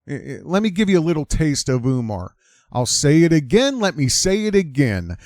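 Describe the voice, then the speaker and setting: A man's voice: on the high side, very animated, normal speed, darkish tone, no room sound, studio quality. A man hosting an opinionated commentary monologue, emphatic and repeating his lines for effect. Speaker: commentary channel host.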